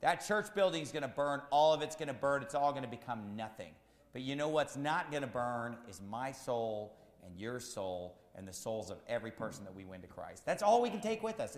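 A man preaching a sermon as pastor, repeating his points with rising, shouted emphasis. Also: medium pitch, big pitch swings, moderate pace, echoey room, in a large hall.

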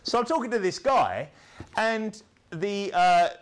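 A man preaching a sermon in a fairly high voice that swings widely up and down. His delivery is punchy and rhetorical, and he keeps tossing tag questions at the congregation to check they follow. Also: animated, measured pace.

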